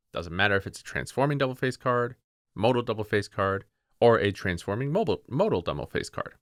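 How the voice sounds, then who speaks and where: Low-voiced man explaining rules, dry sound. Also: a bit bright, dry recording. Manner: explains card rules methodically, laughs easily. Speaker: podcast co-host. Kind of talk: casual rules discussion.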